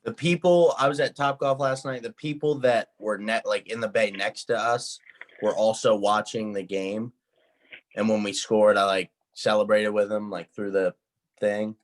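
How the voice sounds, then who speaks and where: A man's voice: fairly low pitch, steady tone, normal speed. A young man in college co-hosting a casual sports podcast, telling rambling anecdotes and laughing often. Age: young adult. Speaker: podcast co-host.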